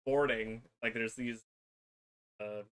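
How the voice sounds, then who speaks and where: A man co-hosting a casual live stream, explaining haltingly with many fillers. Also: medium pitch, steady tone, fairly bright tone, smooth. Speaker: co-host.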